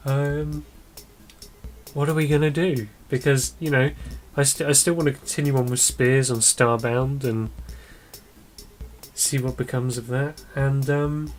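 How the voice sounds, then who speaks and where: A man's voice: mid-range voice, steady tone, unhurried, soft background music. A man co-hosting a casual podcast, playful and mock-dramatic. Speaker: podcast co-host.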